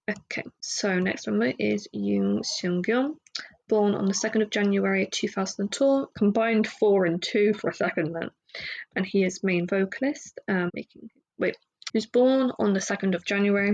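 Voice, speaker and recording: A woman's voice: mid-range voice, gravelly, breathy edge, low-quality recording. A woman hosting a solo podcast, chatting casually and rambling with fillers and side remarks. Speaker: podcast host.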